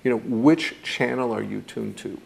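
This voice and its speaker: Gravelly-voiced man teaching mindfulness. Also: medium pitch, moderate pace. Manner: thoughtful, acts out quoted reactions. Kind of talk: reflective teaching talk.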